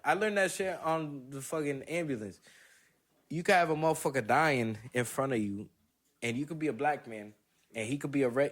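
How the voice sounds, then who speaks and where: Animated young man telling a story. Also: mid-range voice, moderate pace. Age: young adult. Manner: animated storyteller, swears a lot, acts out quotes. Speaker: podcast guest, comedian. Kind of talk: casual podcast storytelling.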